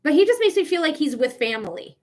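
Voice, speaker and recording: A woman giving a live-streamed psychic reading, talking in a chatty, emotional way with lots of "like" and quick laughs. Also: high voice, big pitch swings. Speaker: psychic reader.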